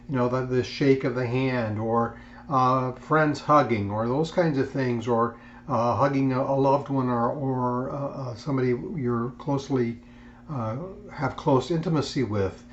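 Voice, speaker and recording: Man, instructor, measured recorded lecture, fillers and restarts, slightly muffled, faint hum behind. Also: mid-range voice.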